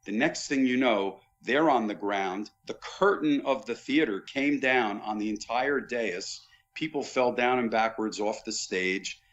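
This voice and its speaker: A mid-pitched man, a former boxing pay-per-view executive, appears as a guest on a storytelling podcast, trading anecdotes in casual chat. He speaks at a measured pace as an animated raconteur full of vivid recollections, though the sound is muffled and lo-fi.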